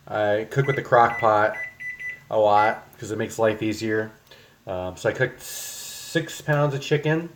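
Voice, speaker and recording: A man's voice: on the low side, measured pace, slight background noise. A young man chatting casually to viewers while cooking in his home kitchen on a livestream, rambling with plenty of ums. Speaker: streamer.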